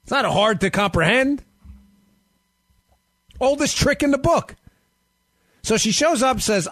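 A man's voice: very high-pitched, lively intonation, a little slow, pauses often, fairly bright tone, no room sound. A man hosting a political talk radio show, arguing animatedly and firing rhetorical questions straight at his listeners. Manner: addresses listeners directly.

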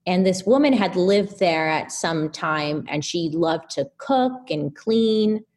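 A woman guest on a podcast, telling a story in a casual, animated way with lots of fillers. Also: fairly low pitch, slow. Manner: animated, chatty, filler-heavy.

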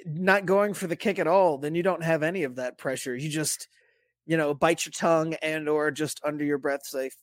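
A man co-hosting a casual podcast, talking in an animated way, laughing often and cursing. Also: fairly high pitch, moderate pace, dry recording, studio quality. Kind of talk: casual banter.

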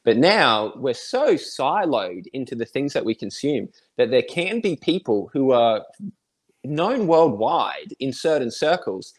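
An Australian man in his thirties talking as a podcast guest, in an ordinary mid-range voice. He muses out loud and leans on fillers as he works through his thoughts. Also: mid-range voice, very animated, a little slow. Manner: reflective, thinks aloud with many fillers. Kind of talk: casual conversation.

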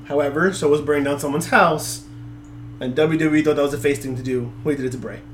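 Animated young man chatting. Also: a little high, fast talker, roomy sound, faint music behind. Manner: animated, laughs often. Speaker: podcast co-host. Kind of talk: casual wrestling chat.

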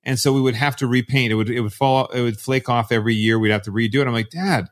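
A man from Canada, a guest in a podcast interview, telling stories in a relaxed way with many fillers. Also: mid-range voice, fast talker. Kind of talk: casual interview chat.

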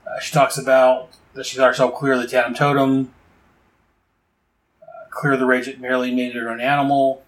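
A man's voice: mid-range voice, little pitch movement, brisk, pauses often, reverberant, rough recording. Rambling man recapping a comic. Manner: rambling, fillers, enthusiastic asides. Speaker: comic book reviewer. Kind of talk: casual recap and commentary.

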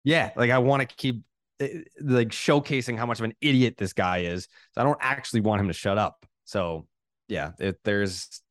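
A man's voice: fairly low pitch, moderate pace, fairly bright tone, dry recording, studio quality. A man who is a guest on a casual podcast, talking bluntly and with strong opinions, swearing along the way. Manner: blunt, opinionated, swears, brash online jokester.

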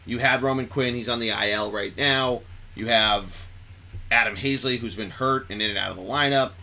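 A man hosting a podcast, chatting casually and excitably about sports, rambling and correcting himself as he goes. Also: mid-range voice, normal speed, vocal fry. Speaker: podcast host.

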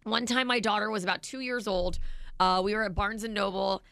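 A woman co-hosting morning radio, reading listener texts aloud and laughing along. Her voice is bright with a creaky edge, recorded dry and close. Faint music sits underneath. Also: medium pitch, steady tone, brisk, no echo. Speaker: radio co-host.

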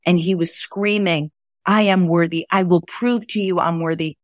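A woman's voice: fairly low pitch, steady tone, normal speed, no room sound, studio quality. A woman author, a guest on a talk show, telling personal stories in an earnest, conversational way. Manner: earnest, acts out quoted dialogue. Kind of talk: conversational storytelling.

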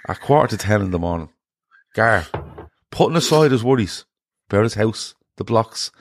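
Lower-voiced man telling a story. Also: normal speed. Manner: animated storytelling with swearing. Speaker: podcast co-host. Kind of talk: casual chat.

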